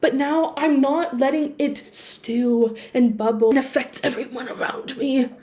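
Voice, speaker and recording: A young woman sits at home chatting to camera through her laptop's built-in mic, her high-pitched voice kept at a measured pace. She's animated, swinging between quiet musing and bursts of excitement, and sings snatches of songs between sentences.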